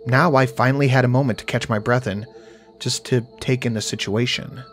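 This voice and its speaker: A man's voice: medium pitch, steady tone, fairly quick, soft background music. A man narrating a first-person horror story in a dry, wry storytelling manner.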